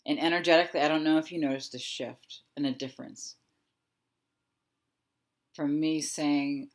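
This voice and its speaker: A woman in her thirties giving a guided reflective talk as a wellness coach, speaking softly and slowly with thoughtful pauses. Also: deep voice, little pitch movement. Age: 30s. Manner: soft, slow and reflective, with pauses.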